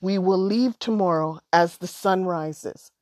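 A woman's voice: lowish voice, unhurried, darkish tone, no echo, clean studio sound, lightly acted. A woman voicing a proud, firm father in a storybook. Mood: fatherly. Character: proud loving father of two daughters.

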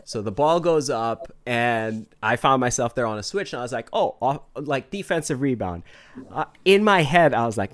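A man's voice: mid-range voice, animated, normal speed. A man, hosting a casual chat and telling a story, acting out quotes and laughing often. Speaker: podcast host.

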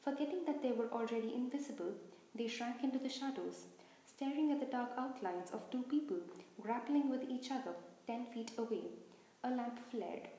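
Brief: woman storyteller reading a children's novel aloud, expressive, fairly high voice, roomy echo. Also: normal speed, a little hiss or hum. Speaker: reader.

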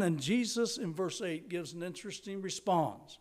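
A man's voice: high-pitched, animated, normal speed, few pauses, a little mellow. An older man preaching a sermon, earnest and emphatic, stressing key words and repeating them for weight.

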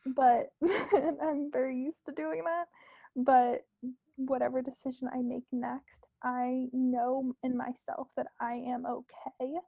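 A young woman, a podcast guest, talking casually and earnestly about herself, with many fillers and soft asides. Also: sits high, level tone, slow, gravelly, no room sound, highs cut off.

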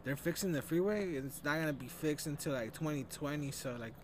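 A man's voice: on the high side, a little fast, over a noisy crowd. Young man guest, lots of "like". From Southern California. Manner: relaxed, filler "like" heavy. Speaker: podcast guest. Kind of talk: casual chat.

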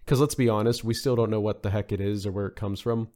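A man talks casually on a podcast, his voice sitting fairly low. He rambles through his points, full of "you know" and restarts. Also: steady tone, fast talker, a little mellow. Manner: rambling, many fillers and restarts. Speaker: podcast guest.

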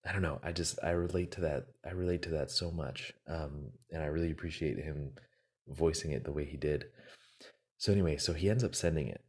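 A man's voice: a bass voice, fairly quick, a little mellow, breathy edge. A man giving an earnest, motivational casual talk, rambling with fillers and repeated words.

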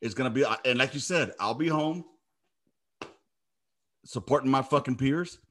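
A middle-aged man hosting a casual conversation as an army veteran. He talks in a plain, mid-pitched voice and drives every point home with blunt, profane emphasis. He drifts easily into stories told the same way. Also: normal speed, fairly bright tone. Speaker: podcast host, army veteran. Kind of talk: casual chat.

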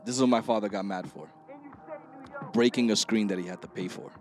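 A man hosting a casual podcast chat, telling loud, laughing stories and acting out the people in them. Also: fairly low pitch, a little fast. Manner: animated storyteller, laughing, acting out voices. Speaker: podcast host.

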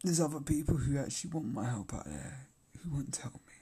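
A man's voice: mid-range voice, animated, brisk, warm tone, breathy edge. A man ranting in a rambling, profane monologue, laughing often and repeating himself.

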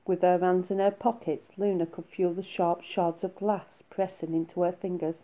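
Woman storyteller, soft storybook reading, lower voice, narrow phone-like sound. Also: level tone, normal speed, few pauses. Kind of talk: storybook read-aloud.

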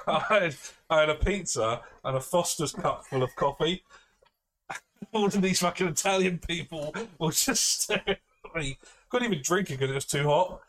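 A man's voice: a little high, lively intonation, moderate pace, fairly bright tone, slight background noise. A man, a podcast co-host, telling a rambling self-mocking story in casual chat, swearing freely and laughing often.

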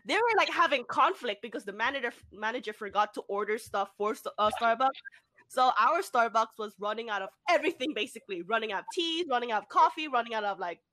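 A young woman chatting casually with friends, telling a work story with animated, swearing delivery. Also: fairly high pitch, fast, no echo. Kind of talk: casual chat.

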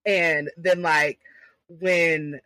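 A young woman co-hosting a podcast in casual chat, animated and storytelling. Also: very slow, dry recording, poor audio. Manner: animated storyteller, jumps high when quoting. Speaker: podcast co-host.

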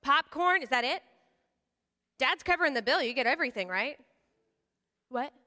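A woman's voice: sits high, normal speed. A woman preaching a sermon, telling stories and acting out the voices of her characters. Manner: animated, acts out voices of characters. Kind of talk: sermon with storytelling. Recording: large hall with long reverb.

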